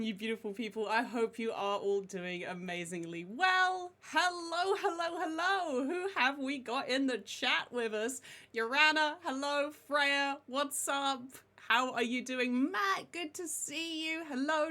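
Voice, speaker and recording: Woman streamer, high bright voice, chatty and friendly with chat. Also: unhurried. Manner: chatty, greets viewers by name. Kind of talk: casual live-stream chat.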